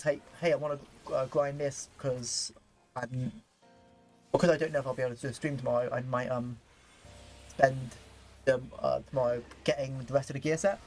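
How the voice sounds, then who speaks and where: A young man casually commenting while playing a game on stream, rambling and excitable, with lots of fillers and restarts. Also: a little high.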